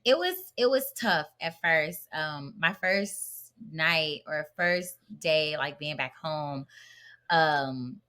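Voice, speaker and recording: A woman telling her own story as a podcast guest, chatty and animated, with lots of fillers and restarts. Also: sits low, takes it slowly. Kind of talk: casual conversational storytelling.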